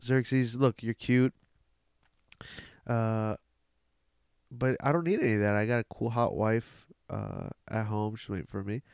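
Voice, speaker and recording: A man's voice: on the low side, a little slow, long pauses, darkish tone, clear, resonant tone, no echo, studio quality. A man improvising a stubborn, incredulous warrior king in a comedy bit. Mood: indignant. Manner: indignant, mocking.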